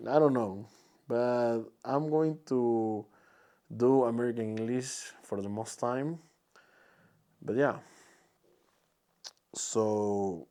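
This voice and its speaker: This podcast host is a young man from Peru whose lowish, slightly mellow voice carries a Peruvian Spanish accent. He hosts a casual solo show in English, his second language, and searches for words with frequent restarts.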